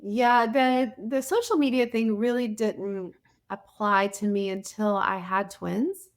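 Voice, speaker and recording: A woman's voice: mid-range voice, fairly even intonation, slow pace. A woman, a mother of twins, talking as a podcast guest with hesitant restarts. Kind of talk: casual conversation.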